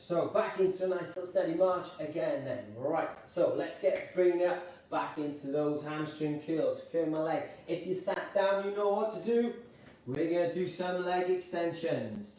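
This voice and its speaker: A man's voice: fairly high pitch, darkish tone, recorded from a distance, a little hiss or hum. A man from Wales, an exercise instructor, leading a live online class at home in an upbeat, encouraging, chatty way. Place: room at home. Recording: echoey room, voice from afar.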